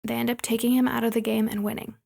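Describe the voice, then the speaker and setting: A woman co-hosting a movie podcast, running through the plot in casual chat. Her voice sits a little high and carries a gravelly fry. She keeps the recap brisk and drops in playful asides. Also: little pitch movement, a little mellow. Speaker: podcast co-host.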